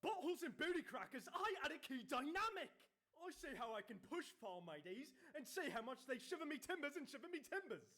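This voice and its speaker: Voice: sits high, sing-song, fairly quick, heavily acted. A performer voicing a rowdy, absurd British bloke who talks like a pirate and rambles in gibberish, in a parody clip. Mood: manic. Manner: rambling gibberish, shouting slang.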